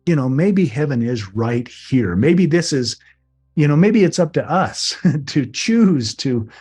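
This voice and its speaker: A man's voice: fairly high pitch, sing-song, slow pace, darkish tone, slightly rough. A middle-aged man earnestly recounting a personal near-death experience in an emotional, reflective way. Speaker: guest telling his near-death experience. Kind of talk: personal storytelling.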